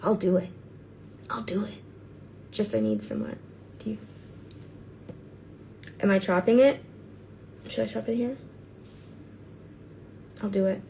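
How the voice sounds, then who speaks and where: A woman chatting casually on a livestream while she paints, gushing, excitable and bursting into squeals, then dropping to whispers. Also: mid-range voice, a little slow, pauses often, slight background noise.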